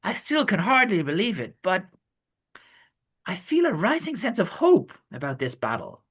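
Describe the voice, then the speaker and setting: A man voicing a hopeful young woman villager in an earnest, quiet reading. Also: sits high, huge pitch swings, normal speed, slightly rough, voice pushed up, heavily acted.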